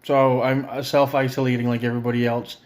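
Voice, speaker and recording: A man's voice: mid-range voice, level tone, fast talker. Middle-aged guy, profane exasperated home vlog rant, sarcastic edge, mid-range voice. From Canada. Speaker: vlogger. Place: a friend's house, indoors.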